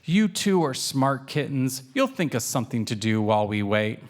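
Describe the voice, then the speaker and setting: A man reading aloud and voicing a gentle mother cat in a soothing, reassuring way from a children's storybook. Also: medium pitch, sing-song, moderate pace, close to an everyday voice.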